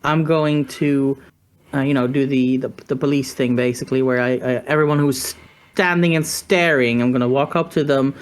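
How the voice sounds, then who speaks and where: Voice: mid-range voice, steady tone. Hesitant player at a tabletop game. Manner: hesitant, halting restarts. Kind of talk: casual tabletop play.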